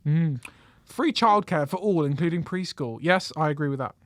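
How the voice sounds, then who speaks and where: A man's voice: on the high side, expressive, moderate pace, no echo, studio quality. A man co-hosting a podcast, reading out listener messages with brief, amused remarks. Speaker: podcast co-host. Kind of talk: casual chat.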